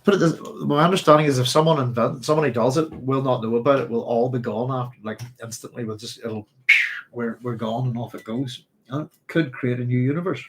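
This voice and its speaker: A man's voice: mid-range voice, brisk, breathy edge. A man hosting a live chat, rambling and hesitant as he reads out viewer comments. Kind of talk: casual live-stream chat.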